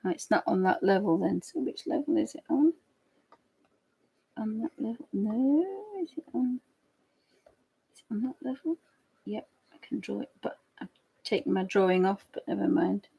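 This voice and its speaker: A woman's voice: medium pitch, normal speed, gravelly, pauses often, dark tone, breathy edge, lo-fi sound. A woman chatting casually and giggling as she draws live for viewers. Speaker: digital artist streamer. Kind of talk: casual chat while drawing live.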